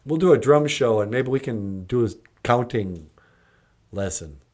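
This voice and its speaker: A man's voice: medium pitch, animated, a little slow, a little mellow. A man in his forties hosting a comedy show, joking in an easygoing way. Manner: jokey and easygoing. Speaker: host. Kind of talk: comedic puppet-show banter.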